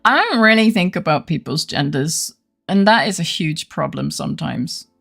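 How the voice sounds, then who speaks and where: A woman's voice: sits low, lively intonation, moderate pace, gravelly, a bit bright, soft background music. A young adult woman streaming a game, chatting casually with her live chat; playful and giggly, and she swears freely.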